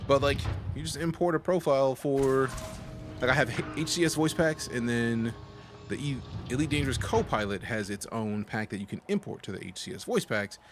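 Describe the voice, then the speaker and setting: A man's voice: mid-range voice, normal speed, background noise. A man streaming a space game, chatting casually in slang with his viewers and giving voice commands. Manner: animated, slangy, talks to chat and voice commands. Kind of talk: casual live-stream chat.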